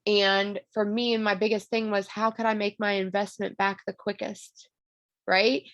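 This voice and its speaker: A woman's voice: mid-range voice, little pitch movement, moderate pace, a bit bright, no room sound. A woman in her thirties leading her team on a motivational video call, talking earnestly with many fillers, her voice turning tearful. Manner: earnest, emotional, rambling with fillers. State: tearful, voice breaking. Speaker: team leader.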